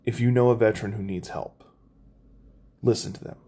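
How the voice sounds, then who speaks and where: A man's voice: fairly low pitch, steady tone, moderate pace, warm tone, husky. A man vlogging from home, making an earnest, emotional plea to his viewers. He rambles, with many ums and restarts. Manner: earnest, rambling, with frequent ums and self-corrections. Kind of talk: emotional personal plea to camera. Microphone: phone or camera mic, adjusting it while talking.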